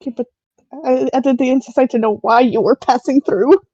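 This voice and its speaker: A woman player in a tabletop game, joking loudly and brashly. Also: high voice, steady tone, fairly quick, husky, no room sound, highs cut off. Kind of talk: casual tabletop game chat.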